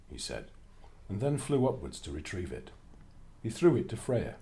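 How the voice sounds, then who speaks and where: A man narrating a children's storybook with an expressive, lively reading. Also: lowish voice, moderate pace.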